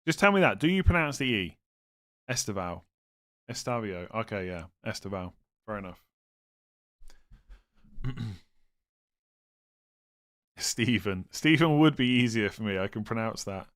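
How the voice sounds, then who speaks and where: Young guy streaming, reads chat out loud, jokey and chatty, mid pitch voice. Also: big pitch swings, a little slow, long pauses. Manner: thinks aloud, reads chat, self-mocking humor. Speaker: streamer answering viewer questions. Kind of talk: casual live stream chat.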